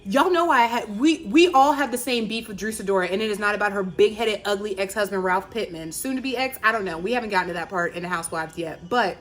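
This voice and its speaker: A woman in her thirties from Virginia, hosting a podcast in animated, casual, chatty storytelling. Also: mid-range voice, fast talker, hardly any pauses. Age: 30s. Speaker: podcast host. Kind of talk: casual chat.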